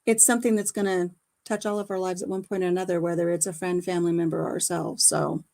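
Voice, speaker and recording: A woman's voice: fairly low pitch, little pitch movement, quick pace, warm tone. A middle-aged woman hosting a casual home livestream on her phone, chatty and laughing often as she retells conversations. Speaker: livestream host. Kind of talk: casual chat.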